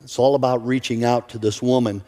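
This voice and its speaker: A man's voice: mid-range voice, fairly even intonation, brisk, warm tone. Man preaching in an echoing church. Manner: earnest, repeats words when starting sentences. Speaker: pastor. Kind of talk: sermon. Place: church sanctuary. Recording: church hall reverb.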